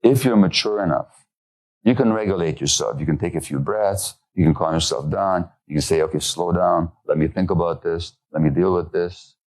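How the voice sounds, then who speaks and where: A man explaining child development in a measured, lecturing way. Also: low voice, darkish tone, rough recording. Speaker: speaker on parenting and development. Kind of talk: lecture clip.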